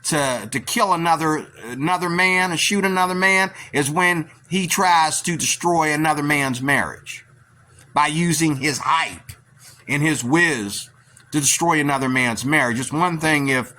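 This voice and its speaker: A man's voice: a little high, measured pace, bright, forceful tone. A man giving blunt, rambling reaction commentary, often asking "okay?" to drive points home. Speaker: video commentator.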